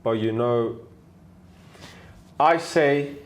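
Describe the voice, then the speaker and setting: A young South African travel videographer speaks very slowly in a mid-range voice over a little hiss or hum. Guesting on an interview, he tells stories in a relaxed, animated way, imitating the people in them.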